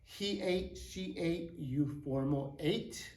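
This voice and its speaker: A man teaching a Spanish lesson, slow and deliberate, stressing every ending and checking in with his class. His voice sits a little high, and the sound bounces around an echoey room. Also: darkish tone.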